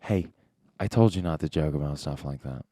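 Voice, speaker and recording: A man co-hosting a casual comedy podcast, joking and swearing, often cutting into quick asides. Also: extremely low pitch, mellow, dry recording, clean studio sound. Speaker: podcast co-host.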